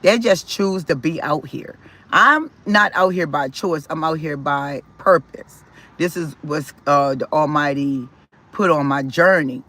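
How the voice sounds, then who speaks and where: A man vlogging casually about his life, rambling with restarts and repeated words, and swinging in loudness and pitch as he talks. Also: a little slow. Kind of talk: casual personal storytelling.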